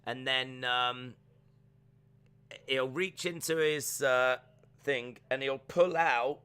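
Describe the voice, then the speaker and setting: A man's voice: fairly high pitch, slow, sharp tone, clean tone, dry recording. A young man streaming a live wrestling watch-along, joking, rambling and reading viewer comments aloud.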